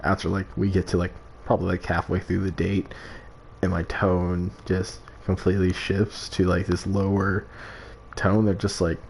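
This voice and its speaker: A man's voice: low-pitched, flat delivery, normal speed, creaky, darkish tone, slight background noise. A man streaming a video game, chatting casually and rambling with lots of "like" and restarts. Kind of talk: casual gameplay stream chat.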